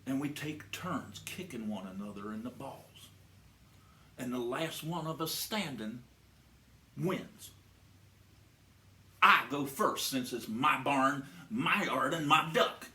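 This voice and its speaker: A man voicing a huge, bossy Kentucky farmer with a slow, drawling, commanding manner. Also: mid-range voice, roomy sound, a little hiss or hum, voice pushed down, natural voice. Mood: gruff.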